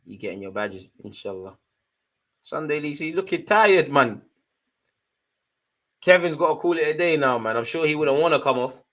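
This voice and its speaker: A fan hosting a live football watchalong offers chatty, jokey banter full of slang, at a moderate pace with long pauses. His voice swings from excited outbursts to low muttered asides.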